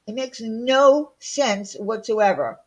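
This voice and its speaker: Speaking slowly but animatedly in a fairly high pitch, a livestream host from Long Island, New York rants bluntly with rhetorical questions. The audio is poor.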